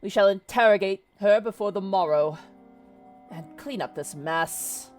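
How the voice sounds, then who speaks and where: A woman's voice: medium pitch, a little slow, a little mellow, soft background music, natural voice. A woman voicing a gnome male casino owner who gives curt, formal orders in a tabletop game. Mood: commanding. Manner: curt orders, formal old-fashioned words.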